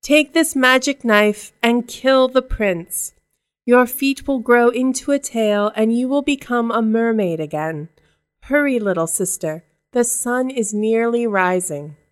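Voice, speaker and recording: A woman's voice: fairly high pitch, animated, a little slow, clear, resonant tone, dry recording. A woman reading a storybook aloud and voicing the eldest mermaid sister, who speaks insistently and gives orders. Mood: urgent.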